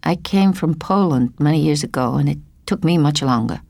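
Woman doing a low soft voice for a kind older guy on a park bench, gentle and encouraging. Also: normal speed, gravelly, no room sound. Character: kind, polite middle-aged male stranger.

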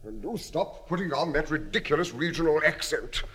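An actor playing a blustering, bigoted English diner with a pompous, sneering manner in a comedy sketch. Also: male voice, fairly high pitch, animated, fairly quick, fairly bright tone.

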